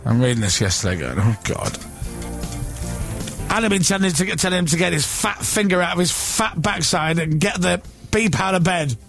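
A man in his forties hosts a radio show, chatting casually and mocking himself as he acts out the voices of others in his story. His voice sits a little high. A faint music bed plays under him. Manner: self-deprecating, animated storytelling with acted-out quotes. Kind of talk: casual on-air chat.

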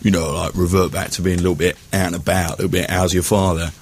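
A man's voice: deep voice, level tone, racing, slight background noise. A comedian in his thirties chatting as a guest, rambling and self-mocking. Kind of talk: casual chat.

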